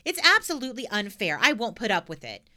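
A woman voicing a loud, cheeky, defiant young girl who bellows indignantly. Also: fairly high pitch, animated, moderate pace.

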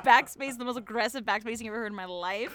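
A woman's voice: on the high side, rapid-fire, crowd noise. A woman co-hosting a podcast, chatting casually, teasing and giggling a lot. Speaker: podcast co-host. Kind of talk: casual chat.

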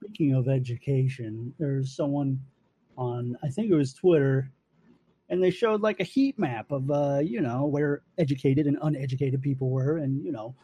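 A man's voice: medium pitch, normal speed, dark tone, breathy edge, no room sound. A man rambling casually in a podcast chat, loose and profane.

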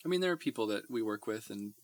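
A man co-hosting a casual chat from a small closet, quick to laugh and telling stories. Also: fairly low pitch, slight background noise. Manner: laughs easily, animated storytelling.

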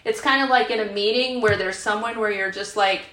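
A woman's voice: mid-range voice, fairly even intonation, fairly quick, a bit bright. A woman in her fifties speaking frankly at a recovery group retreat, chatty and full of fillers. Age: 50s. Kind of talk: casual group share. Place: retreat meeting room. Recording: roomy, imperfect recording.

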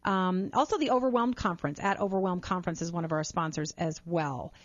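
A woman's voice: fairly low pitch, fairly quick, no echo. Woman podcast host, earnest, stumbles over repeated words, a little lo-fi. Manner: warm-hearted, earnest, repeats words when excited. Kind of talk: upbeat interview and appeal to listeners. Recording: slightly dull lo-fi sound.

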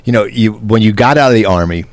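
A man's voice: on the low side, fast. A man hosting a casual interview, chatty and often restarting his questions mid-thought. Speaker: interview host.

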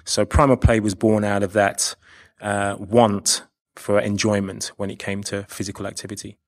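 A man's voice: on the low side, level tone, normal speed. A man from London with a London English accent, a guest answering interview questions thoughtfully and fluently. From London, England. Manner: thoughtful, fluent, with frequent "you know".

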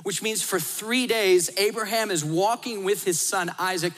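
A man preaching a sermon, shifting between lively storytelling and hushed, intimate emphasis. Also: sits high, moderate pace. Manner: dynamic, drops to hushed tones for emphasis. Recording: long hall reverb.

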